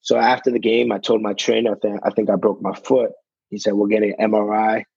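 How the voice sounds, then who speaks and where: A man's voice: fairly low pitch, little pitch movement, brisk, creaky, a little mellow, breathy edge, no echo, lo-fi sound. A young man, a basketball player, talking in a casual interview, leaning on "you know" and acting out what people said to him. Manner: fills with "you know", acts out quotes.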